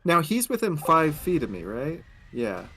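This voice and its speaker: A slow, animated tabletop player who laughs a lot. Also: medium pitch, slightly rough. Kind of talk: casual tabletop play.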